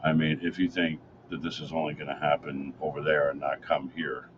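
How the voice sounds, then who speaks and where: A man with an extremely deep voice speaks as a guest on a political talk show. He insists on his points, listing them one by one. Noise sits under the recording. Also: little pitch movement, a little fast, highs cut off. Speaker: guest commentator.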